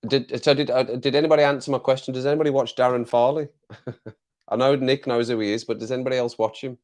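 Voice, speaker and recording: A man's voice: mid-range voice, fairly even intonation, fast talker, a little mellow. An English man hosting a casual live chat with viewers from his home desk, jokey and rambling, laughing often, on a clip-on mic. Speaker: livestream host.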